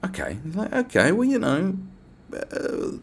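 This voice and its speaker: A man hosting a solo podcast, ranting in a sarcastic, sweary, animated way. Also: sits high, unhurried, vocal fry, slight background noise. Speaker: podcast host.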